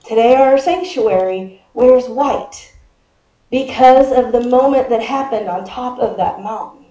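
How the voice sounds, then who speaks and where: A woman's voice: fairly high pitch, a little slow, mellow, highs cut off. A woman pastor in her fifties giving a conversational sermon. She chats with her congregation, quizzes them and laughs often. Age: 50s. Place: church sanctuary. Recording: echoey church sanctuary.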